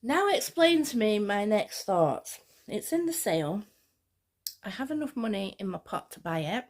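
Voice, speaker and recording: A woman vlogger talking casually, telling a rambling, excitable story. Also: mid-range voice, normal speed. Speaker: fashion vlogger. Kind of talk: casual chat.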